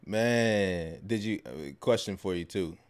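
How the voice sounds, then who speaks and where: A man in his thirties co-hosting a podcast, talking in an animated, casual way and laughing often. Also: lowish voice, a little slow, clean tone. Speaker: podcast co-host. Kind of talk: casual chat.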